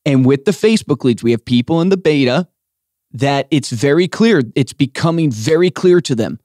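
A man's voice: on the high side, lively intonation, normal speed, a little mellow, no room sound, clean studio sound. A man in his thirties hosting a podcast, talking in an upbeat, emphatic way. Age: 30s. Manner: upbeat, emphatic, keeps saying right?. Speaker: podcast host. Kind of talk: casual podcast chat.

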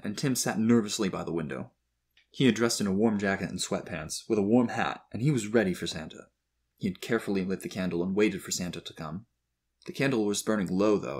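A man with a low-pitched voice reads a children's story aloud in a measured, expressive way. His tone is husky and somewhat breathy. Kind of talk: storybook narration.

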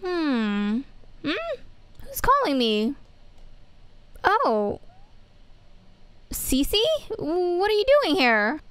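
A woman's voice: high voice, very animated, very slow, pauses often, a bit bright, no room sound, full character voice. A woman voicing a bewildered teenage schoolgirl who stammers out her protests. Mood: confused.

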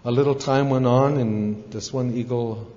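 A man's voice: mid-range voice, steady tone, moderate pace, darkish tone. A man speaking at a recovery meeting, telling a folksy story in a casual, rambling way with fillers and asides. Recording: echoey hall, dull lo-fi sound.

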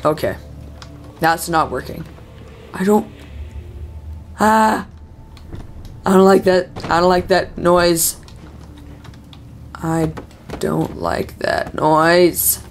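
A woman's voice: on the low side, fairly even intonation, drawn-out words, pauses often, soft background music. A young woman doing nervous, self-talking commentary while playing a horror game. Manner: nervous, talks to herself and the game. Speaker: gamer.

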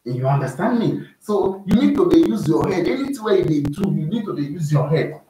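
A man's voice: a little high, expressive, fairly quick, dark tone, recorded from a distance, slight background noise. A man from Nigeria with a Nigerian Pidgin accent, giving casual advice in a preachy, repetitive way that keeps checking the listener is following. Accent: Nigerian Pidgin English. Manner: preachy, repeats himself, keeps asking "you dey hear me". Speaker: YouTube vlogger giving advice. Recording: very echoey room, voice away from the mic.

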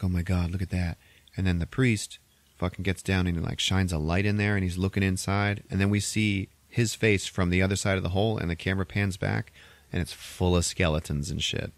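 A deep-voiced podcast host casually retells a horror movie scene by scene, swearing freely and animatedly acting out the twists. His voice sounds close and dry, with no room sound or echo at all.

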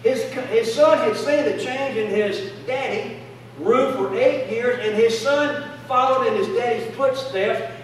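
Preaching with a measured pace, a pastor with a very high-pitched voice leads fervent call-and-response in a church sanctuary. The sound comes from a distance in an echoey hall. There's a little hiss or hum.

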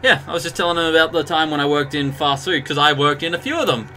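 A man's voice: a little high, fast talker, bright, forceful tone, slight background noise. A young Australian man streaming a game live, chatting and ranting in a casual, storytelling way. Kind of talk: live gameplay commentary. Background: game music.

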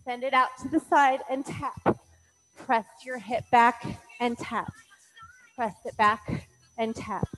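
A woman's voice: on the high side, fairly even intonation, takes it slowly, pauses often, fairly bright tone, slight background noise, poor audio. A woman fitness instructor calling out moves in an exercise class, encouraging and counting, a little out of breath.

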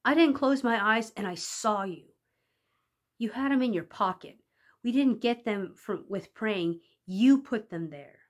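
A stubborn little boy's voice, lifted higher and louder than the narration, accusing and insistent, put on by a woman reading a story. He presses each point firmly. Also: animated, unhurried. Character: defiant sharp-eyed little boy.

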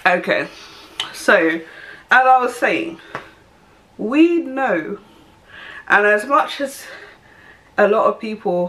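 A woman's voice: mid-range voice, expressive, takes it slowly, pauses often, a bit bright. A young woman, giving her opinion in a casual vlog, emphatic and repeating her points. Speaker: vlogger.

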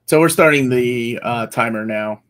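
Guy co-hosting a live auction stream, halting chatty talk, regular mid pitch. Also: a bit bright. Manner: hesitant, many fillers. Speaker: co-host. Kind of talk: casual live-stream chat.

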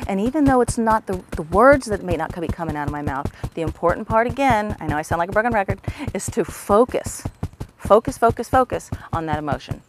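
A woman's voice: mid-range voice, expressive, a little fast, background noise. A woman guiding listeners through a tapping exercise. She speaks in a patient, repetitive way, saying the practice phrases aloud as she goes and then explaining each step. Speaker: tapping instructor. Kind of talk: instructional demonstration.

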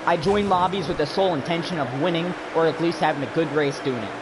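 Angry man, profane rant, slightly high voice, noisy background. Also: fast talker. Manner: furious, profane, ranting. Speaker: streamer. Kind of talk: angry rant during live racing game stream.

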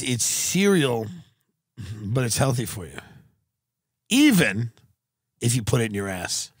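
Profane deadpan man on a dry mic. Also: medium pitch, dry recording. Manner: profane, deadpan, swings into shouted rants. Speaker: podcast host reading ads. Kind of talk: improvised comedic ad read.

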